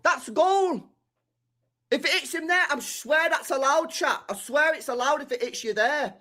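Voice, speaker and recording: A young man live-streaming his reaction to a football match, excitable and slangy, shouting at the screen and swearing. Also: extremely high pitch, moderate pace.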